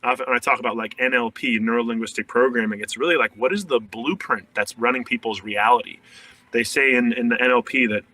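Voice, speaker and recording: Male coach, podcast guest, earnest, rambling fillers, bright tone, mic set a bit far. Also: medium pitch, quick pace. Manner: earnest, many "like" fillers and restarts. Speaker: shadow work coach. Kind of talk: casual podcast interview.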